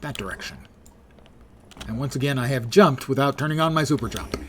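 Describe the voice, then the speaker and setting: A man's voice: mid-range voice, expressive, a little fast, a little hiss or hum. A man streaming a superhero game live, making joking, self-deprecating asides and reading mission text aloud. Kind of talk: live gameplay commentary.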